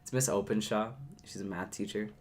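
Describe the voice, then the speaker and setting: A teenage boy hosting a casual podcast, easygoing and quick to react with short replies. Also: on the low side, a crowd in the background. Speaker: podcast host. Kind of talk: casual chat.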